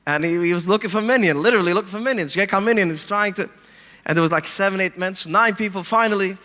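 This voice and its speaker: A man telling stories in an animated way, mixing in Yiddish phrases and acting out the people he quotes. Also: high-pitched, fast talker, in a large hall. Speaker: podcast guest speaker. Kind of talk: storytelling talk.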